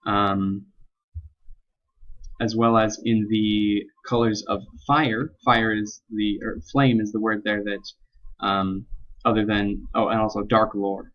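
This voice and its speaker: A young man talks through his reading of a poem, stopping often with ums and starting his sentences over. His voice sits on the low side, and the recording sounds dull and lo-fi. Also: flat delivery. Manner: halting, many ums and restarts. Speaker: student presenting a poem analysis. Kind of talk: unscripted spoken explication.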